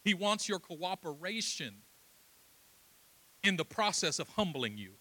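A man's voice: high-pitched, very animated, unhurried, pushed and bright. A middle-aged man preaching a sermon with passion, telling stories and acting out dialogue. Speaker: pastor.

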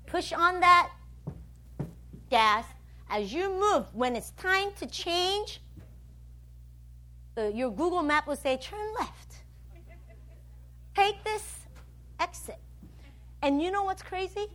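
A woman preaching a sermon, animated, swinging between loud bursts and soft, low stretches, and acting out the voices of other people as she teaches. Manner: plays out voices of a nagging map and a complaining listener.

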